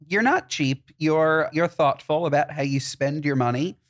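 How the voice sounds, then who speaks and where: A man's voice: a little high, measured pace. A man co-hosting a podcast, telling stories in casual chat with exaggerated, ranting delivery. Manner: animated storyteller, exaggerated rants. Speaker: podcast co-host.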